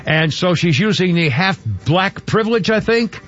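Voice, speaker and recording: A man's voice: high voice, animated, moderate pace, fairly bright tone, lo-fi sound, soft background music. A man hosting talk radio, ranting in a mocking, indignant way with many restarts. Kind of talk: opinionated talk radio monologue.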